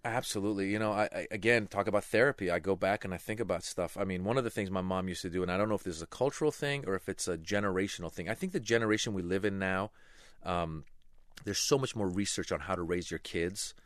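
A middle-aged man from Iran, a stand-up comedian telling lively anecdotes in an interview and acting out voices. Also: sits low, fast, no echo, clean studio sound. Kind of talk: animated storytelling interview.

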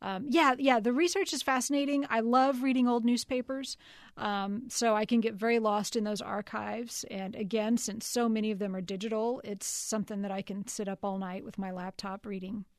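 Woman from Texas, novelist guest, fairly high voice, lively and quick to laugh, dry studio sound. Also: dry recording. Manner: animated, laughs easily, many restarts. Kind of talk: casual interview chat.

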